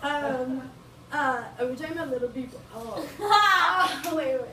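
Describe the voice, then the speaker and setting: Giggly high-voiced woman doing stand-up. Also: a little slow. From Bolivia. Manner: giggly, crude, rambling, laughs often. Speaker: stand-up comedian. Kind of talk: stand-up comedy set. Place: small venue with live audience. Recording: roomy, distant live room recording with noise.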